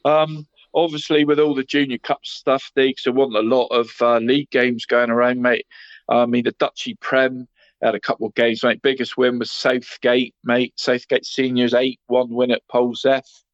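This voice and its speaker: A man's voice: mid-range voice, level tone, moderate pace, no room sound. A man running through local football results in casual radio chat, adding "mate" to nearly every phrase. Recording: slightly muffled, dry studio sound.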